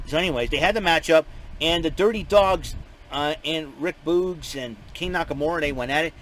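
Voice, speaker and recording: A man giving a casual, rambling spoken recap, excitable and full of restarts and fillers. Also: on the high side, moderate pace, a little hiss or hum, poor audio. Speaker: show recapper.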